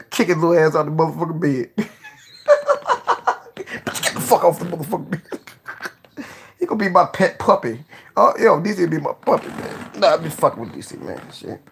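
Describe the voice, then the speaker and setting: A man hosting a casual live stream, joking, cursing freely, laughing often and giving shout-outs to viewers. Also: fairly high pitch, huge pitch swings, moderate pace, creaky, pauses often, slight background noise.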